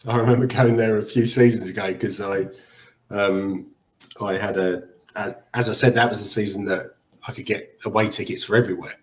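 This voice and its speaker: A man's voice: lowish voice, fairly even intonation, a little fast, poor audio. A man co-hosting a football podcast, telling chatty anecdotes and slipping into jokey voices. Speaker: podcast co-host. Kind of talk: casual football podcast chat.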